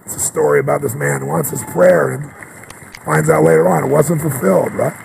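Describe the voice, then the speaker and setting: A man giving a motivational speech, telling stories with passion and swinging from loud bursts to hushed moments. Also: on the high side, big pitch swings, brisk, vocal fry, slight background noise, low-quality recording. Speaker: motivational speaker.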